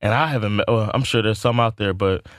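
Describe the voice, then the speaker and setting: A man's voice: fairly low pitch, fast, no echo, clean studio sound. Blunt, laughing man in casual chat. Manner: blunt, laughs often, swears.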